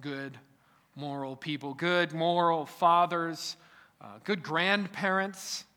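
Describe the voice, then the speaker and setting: Bright-voiced male preacher in an echoey hall. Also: a little high, takes it slowly, clear, resonant tone. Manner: emphatic, repetitive preaching with sudden drops to quiet. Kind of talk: sermon.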